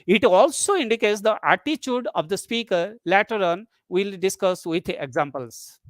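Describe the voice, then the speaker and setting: A methodical lecturer delivering an academic webinar, defining terms and then restating them to make sure they sink in. The pitch sits in a middling range, and the recording is close and dry with no room sound. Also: animated, normal speed, no room sound. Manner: methodical, explains step by step with repeated definitions. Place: online webinar.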